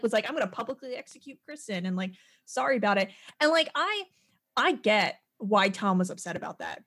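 A woman's voice: medium pitch, a bit bright, breathy edge. A woman co-hosting a podcast, talking casually and rambling with many fillers and restarts. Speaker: podcast co-host. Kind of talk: casual chat.

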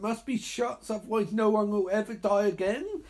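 A man's voice: high voice, normal speed, hardly any pauses, a little mellow. A man giving live reaction commentary on a horror movie, sarcastic and exasperated, swearing freely.

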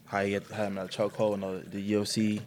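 A male guest talking in a laid-back casual chat, halting with many fillers. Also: lowish voice, completely flat delivery, a little mellow.

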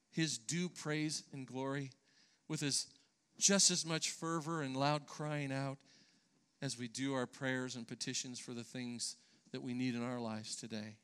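A man's voice: medium pitch, fairly even intonation, unhurried, a bit bright, clear, resonant tone. A man preaching a sermon in church, earnest and emphatic, sometimes restarting his phrases. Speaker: pastor.

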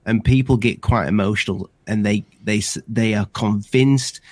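A man's voice: fairly low pitch, moderate pace, no echo. A man co-hosting a casual livestream chat, rambling and restarting his sentences often. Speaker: livestream co-host.

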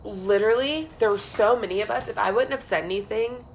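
Animated, foul-mouthed young woman storyteller. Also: medium pitch, fairly quick, a little hiss or hum, poor audio. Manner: animated storyteller who acts out quotes and swears freely. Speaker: podcast co-host. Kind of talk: casual chat.

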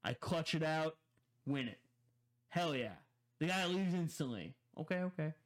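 A man's voice: fairly high pitch, lively intonation, moderate pace. Rambling young man telling a story. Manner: rambling, repeats words, laughs a lot. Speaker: podcast co-host. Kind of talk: casual chat, storytelling.

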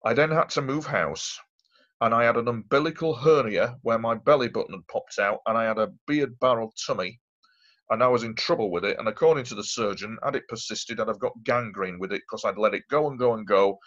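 A man's voice: medium pitch, fairly quick, fairly bright tone. Earnest man, dull recording. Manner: earnest, rambling, repeats himself. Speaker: guest. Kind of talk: interview storytelling.

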